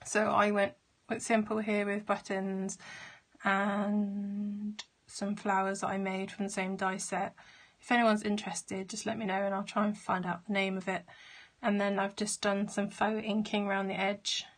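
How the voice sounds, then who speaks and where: A woman chatting casually as she shows her handmade cards, a little hoarse from losing her voice. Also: medium pitch, level tone, normal speed. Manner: chatty, with fillers and trailing asides. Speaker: craft vlogger. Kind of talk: casual show-and-tell.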